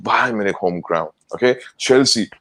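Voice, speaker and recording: A man with a fairly low voice argues his case in a casual live football chat. He throws in "bro" and "man" as he builds his points. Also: moderate pace, fairly bright tone, a little hiss or hum. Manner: argumentative, says "bro" and "man".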